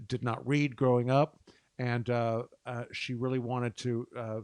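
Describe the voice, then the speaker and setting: A man from Texas hosting his own show, chatting casually between songs in an effusive, gushing way with lots of soft hesitations. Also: mid-range voice, dry recording. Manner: soft-spoken with frequent hesitations. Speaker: show host and singer.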